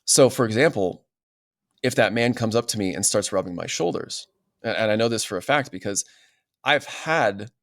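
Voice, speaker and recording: A man with a lowish, fairly bright voice speaks animatedly at a moderate pace in a clean studio recording with no room sound. As a podcast guest in a casual interview, he explains things earnestly and often checks in with "right?".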